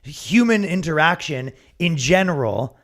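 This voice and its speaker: A man's voice: fairly high pitch, expressive, a little slow, a bit bright. A man co-hosting a comedy podcast, chatting casually, rambling with restarts, swearing and acting out quotes. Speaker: podcast co-host.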